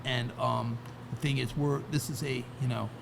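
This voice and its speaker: A man's voice: mid-range voice, steady tone, normal speed, gravelly, noisy background. A man talking casually as a podcast guest, rambling with many restarts and "right?" asides. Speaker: guest, record label founder. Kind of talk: casual interview talk.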